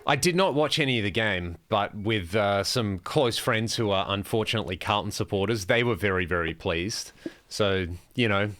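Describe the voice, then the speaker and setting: An Australian man with a lowish voice banters on a podcast. He ribs his co-host and keeps things loose and chatty. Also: normal speed, fairly bright tone. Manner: teasing, banter-heavy. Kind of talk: casual chat.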